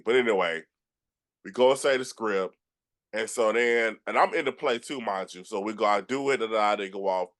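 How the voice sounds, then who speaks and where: A man from Georgia with a Southern accent, hosting a casual chat and telling animated stories with many restarts. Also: fairly low pitch. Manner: animated storyteller with frequent restarts, acts out quotes. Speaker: podcast host.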